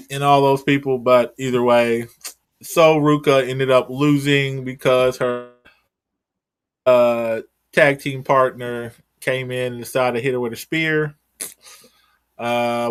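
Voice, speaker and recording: A man talking through wrestling results in a loose, rambling way, with offhand swearing. His voice sits at an everyday middle pitch. He sounds relaxed and unscripted, like a podcast co-host chatting with a friend. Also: a little slow. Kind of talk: casual wrestling recap chat.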